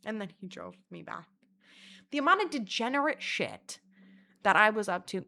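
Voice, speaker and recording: Young woman, casual vlog storytelling, foul-mouthed and animated, middle pitch. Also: normal speed, creaky. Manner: chatty, crude and animated, with mocking put-on voices. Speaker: vlogger.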